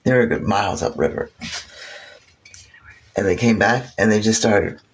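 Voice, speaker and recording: A man's voice: moderate pace, breathy edge, low-quality recording. A man casually retelling history with crude jokes, laughing between points and jumping into quoted voices. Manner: animated, acts out quoted voices with sudden high pitch jumps.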